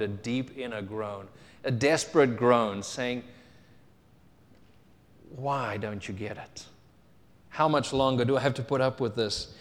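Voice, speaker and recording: Man preaching in a reverberant hall. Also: medium pitch. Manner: storytelling, conversational, with fillers and rhetorical questions. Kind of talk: Bible reading and sermon teaching.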